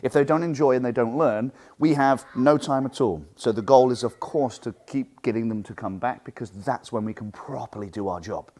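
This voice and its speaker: Animated martial arts instructor man. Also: medium pitch, normal speed, hardly any pauses. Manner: animated, acts out what students and teachers say; loud projecting voice from the diaphragm. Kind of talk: teaching talk to fellow instructors.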